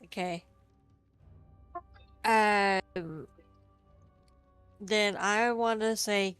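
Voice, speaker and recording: A woman playing in a tabletop game, talking in a wry, drawn-out way. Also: medium pitch, fairly even intonation, no echo, faint music behind. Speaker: player. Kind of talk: casual tabletop game play.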